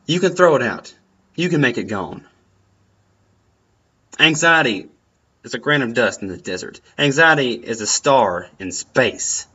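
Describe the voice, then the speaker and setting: A man's voice: mid-range voice, pushed and bright, husky. A young man giving earnest, encouraging advice in a personal talk, often repeating his phrases. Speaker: vlogger. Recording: dull lo-fi sound.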